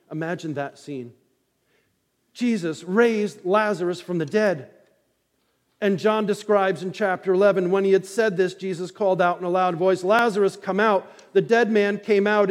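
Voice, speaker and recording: High-voiced preacher in a reverberant church. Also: male voice, darkish tone. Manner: dramatic storytelling preacher, rising and falling intensity. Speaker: pastor. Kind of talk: sermon. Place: church sanctuary. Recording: long reverb of a church hall.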